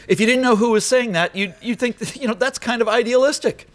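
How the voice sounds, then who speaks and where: A man's voice: very high voice, quick pace, few pauses. A man delivering a political address to an audience, emphatic and rhetorical, with wry asides. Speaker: speaker. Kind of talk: political speech. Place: lecture hall.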